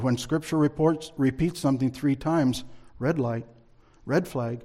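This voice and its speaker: Measured, emphatic male Bible teacher. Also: mid-range voice, a little mellow. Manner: measured, emphatic, reads scripture aloud. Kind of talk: sermon-style Bible teaching.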